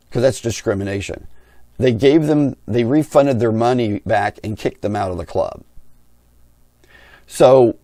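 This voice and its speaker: A man's voice: on the low side, dark tone, no room sound, studio quality. A middle-aged man who hosts a hobby channel, telling a story in a blunt, opinionated way. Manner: blunt, opinionated, talks with his hands in words. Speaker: RC pilot and channel host. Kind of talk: candid storytelling rant.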